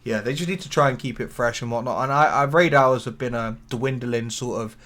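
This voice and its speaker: A man's voice: medium pitch, a little fast, a bit bright. A man co-hosting a podcast, chatting in a rambling, sweary way. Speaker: podcast co-host. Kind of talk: casual chat.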